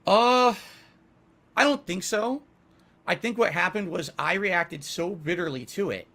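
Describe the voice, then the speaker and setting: Guest: middle-aged man, a bit high and bright, emphatic, owns his mistakes. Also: a little slow, vocal fry. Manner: self-critical, emphatic and animated. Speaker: interview guest. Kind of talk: candid interview answers.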